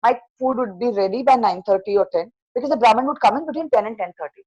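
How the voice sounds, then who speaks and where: Older woman telling a hushed ghost story. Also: on the high side, quick pace, slightly rough, no room sound, dull audio. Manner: animated, acts out dialogue in a hushed voice. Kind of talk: first-person horror story at an open mic. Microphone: video call.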